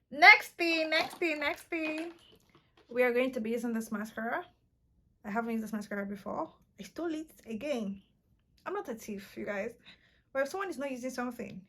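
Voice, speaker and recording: A young woman talks a viewer through her makeup in a casual, chatty way. Her voice sits a little high, and she keeps bursting into playful, excited exclamations. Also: brisk. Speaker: beauty vlogger.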